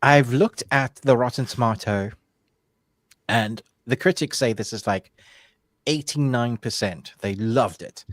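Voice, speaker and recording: A man's voice: mid-range voice, unhurried, no room sound. A man from the UK co-hosting a live movie chat, playfully contrary and opinionated. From United Kingdom. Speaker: movie podcast co-host.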